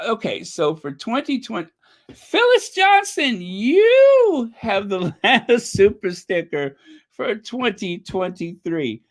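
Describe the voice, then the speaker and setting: Slow, animated Caribbean-born woman streamer. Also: mid-range voice. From Caribbean island. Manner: chatty and excitable, thanking viewers. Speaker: livestream host. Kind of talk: casual livestream chat.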